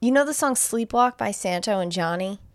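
A woman co-hosting a casual podcast, retelling a movie plot in a giggly, animated way and swearing casually. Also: medium pitch, normal speed, no room sound, studio quality. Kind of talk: casual chat.

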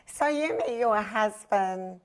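A woman hosts a relaxed podcast conversation, steering it gently with simple questions. She keeps her guest going with short affirmations and an encouraging tone. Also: medium pitch, slow. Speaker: podcast host. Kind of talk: casual conversational interview.

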